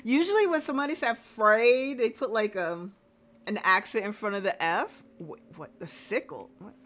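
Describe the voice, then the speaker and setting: A woman's voice: medium pitch, lively intonation, moderate pace, a bit bright, soft background music. A woman streaming a game live, reading lines aloud and chatting in an amused, questioning way.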